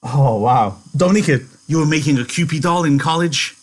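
Husky male teacher, chatty. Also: fairly high pitch, brisk. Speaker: English teacher. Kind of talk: online lesson and reading aloud.

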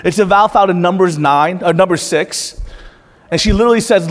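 Fields: sex: man. Role: pastor. Style: sermon. Pitch: high. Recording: echoing church hall. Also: animated, a little fast. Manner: earnest, direct, asks the congregation questions.

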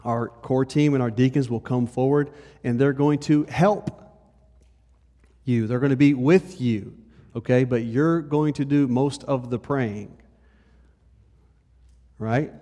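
A male pastor giving a conversational sermon. He moves between lively and hushed delivery and speaks straight to the congregation. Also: medium pitch, takes it slowly, long pauses. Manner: conversational preaching, shifts between animated and hushed. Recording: long hall reverb.

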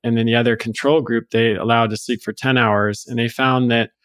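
A man, a guest on a podcast, explaining health topics in a measured way with small restarts. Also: mid-range voice, steady tone, a bit bright, clear, resonant tone, no echo. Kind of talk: conversational podcast interview.

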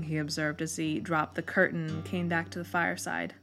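Woman narrator, storybook reading, expressive, slightly low voice, guitar music. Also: brisk, gravelly.

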